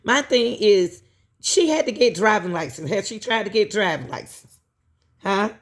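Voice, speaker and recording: A woman's voice: medium pitch, animated, normal speed. A woman host giving emphatic commentary to her viewers, repeating herself and asking pointed questions.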